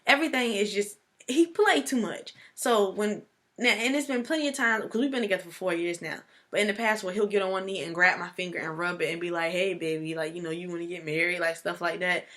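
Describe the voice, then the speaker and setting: A young woman vlogging casually, telling a personal story in a chatty, animated way. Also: mid-range voice, fairly quick.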